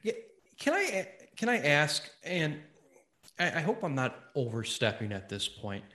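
A man hosting a casual interview show, animated and apologetic, often stumbling over his phrasing. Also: on the high side, a little slow, echoey room. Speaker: podcast host.

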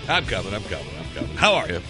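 A man's voice: deep voice, racing, over music. A man hosting a talk radio show, joking around in a casual monologue with lots of fillers. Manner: jokey, animated, lots of fillers. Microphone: studio microphone.

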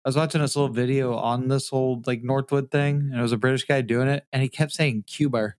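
A man's voice: medium pitch, steady tone, quick pace, a little mellow, dry recording, clean studio sound. A man co-hosting a podcast, chatting casually, giggling often and swearing while he rambles. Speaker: podcast co-host. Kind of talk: casual chat.

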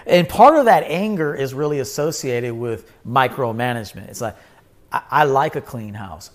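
A man hosting his own show, talking in a blunt, emphatic monologue, swearing and repeating himself for force. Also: medium pitch. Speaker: podcast host. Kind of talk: casual livestream monologue.

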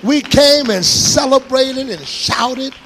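High-pitched shouting preacher man. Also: slow, soft background music. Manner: shouting, exhorting the congregation with call-and-response commands. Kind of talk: fiery sermon. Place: church sanctuary.

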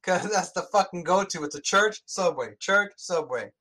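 A man casually and profanely retelling a movie plot in animated chat. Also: sits high, normal speed.

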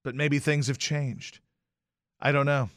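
A man's voice: mid-range voice, a little slow, no echo, studio quality. A man hosting a podcast, ranting in a casual, profane, sarcastic way and telling stories. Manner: animated, profane, sarcastic storytelling. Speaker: podcast host. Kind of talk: casual rant.

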